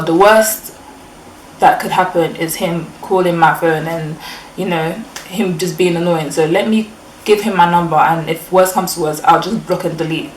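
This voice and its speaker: Young London woman vlogger, lowish voice, animated casual storytelling, distant mic, faint background hum. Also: unhurried. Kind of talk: storytime vlog. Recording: echoey room, mic at a distance.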